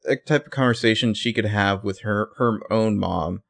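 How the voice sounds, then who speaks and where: A man's voice: on the low side, normal speed, vocal fry, a bit bright, no room sound. A man co-hosting a podcast, chatting bluntly and casually about a TV episode with frequent swearing and fillers. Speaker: podcast co-host. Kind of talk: casual recap chat.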